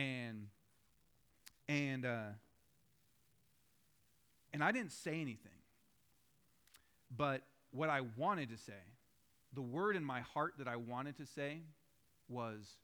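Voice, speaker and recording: In a church, a pastor in his thirties preaches in a clear, resonant, mid-range voice. His sermon is loose and conversational, full of stories, building momentum through animated, repeated questions.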